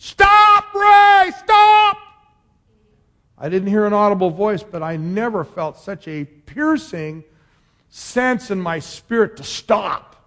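Middle-aged pastor guy preaching, fired up then goes soft and quiet telling a story, kinda high voice. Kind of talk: sermon.

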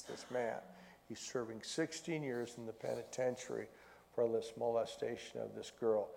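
A man's voice: mid-range voice, gravelly, a little mellow. A man preaching a sermon, fervently telling stories and acting out conversations with the people he met. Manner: fervent storytelling, acting out dialogue. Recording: long hall reverb.

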